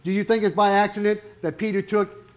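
A man's voice: sits high, fairly even intonation, brisk. A man preaching a sermon, firing rhetorical questions and stretching out the words he wants to stress.

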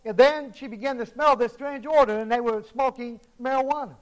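High-voiced man preaching a sermon. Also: fairly quick, low-quality recording. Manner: dramatic storytelling, swings from hushed to emphatic.

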